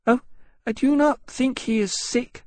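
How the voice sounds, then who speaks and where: A chirpy little shy dragon. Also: male voice, fairly even intonation, unhurried, no echo, clean studio sound. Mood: shy sad. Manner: high chirping voice. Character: small shy sad young male dragon. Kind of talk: audiobook narration.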